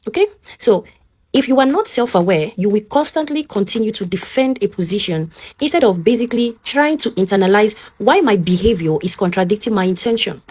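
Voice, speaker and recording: A woman with a Nigerian English accent teaches in an earnest, direct way. She speaks at a middling pitch for a woman and keeps checking in with the listener. It is a motivational lesson delivered straight to the listener. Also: expressive, fairly quick, darkish tone, breathy edge.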